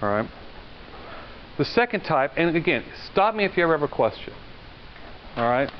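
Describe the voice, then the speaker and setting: Very animated and a bit high-pitched, a male lecturer moves at a moderate pace through a classroom lecture. He chats with the class, poses questions, and tells stories, all on a dull lo-fi recording with faint background noise.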